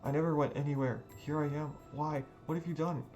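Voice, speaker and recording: A man's voice: on the high side, fairly even intonation, brisk, darkish tone, voice pushed up, close to an everyday voice. A man voicing a panicked, grieving young man with raised, pleading outbursts over background music. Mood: anguished. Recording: music playing underneath.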